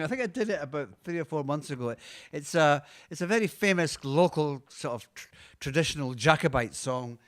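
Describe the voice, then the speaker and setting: With guitar in the background, a Scottish singer-songwriter chats casually between songs on his own live show. His voice is high-leaning and a bit bright, and he rambles hesitantly with many fillers while patiently explaining things to listeners.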